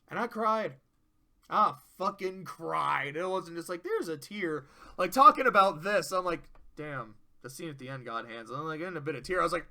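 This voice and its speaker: A man talks through episode rankings in a loose, unscripted way, swearing freely and laughing often as he gets worked up. His voice sits a little high and sounds strikingly bright and sharp. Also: very animated, normal speed. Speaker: tier list reviewer. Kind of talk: casual review commentary.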